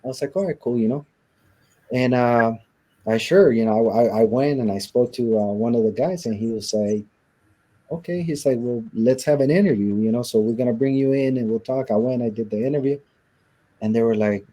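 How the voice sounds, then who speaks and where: Husky man, mellow low voice, retelling his past in a sit-down interview, quoting others as he goes. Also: fairly quick. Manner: recounts events by acting out quoted dialogue. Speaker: interview guest.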